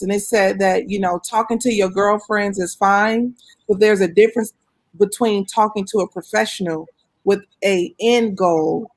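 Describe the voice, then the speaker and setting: A woman on a panel who tells animated stories on a video call, laughing often. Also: medium pitch. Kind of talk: panel discussion.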